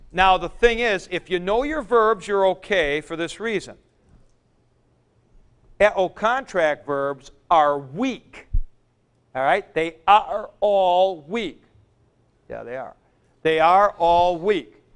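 A man teaching a classroom lecture, explaining deliberately with frank asides to his students. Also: high voice, a bit bright, clean tone. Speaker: Greek teacher.

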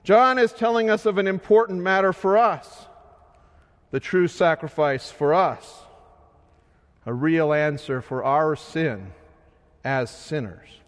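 A man preaching a sermon in a slow, measured way, his voice swelling loud and then sinking soft. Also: on the high side. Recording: long hall reverb.

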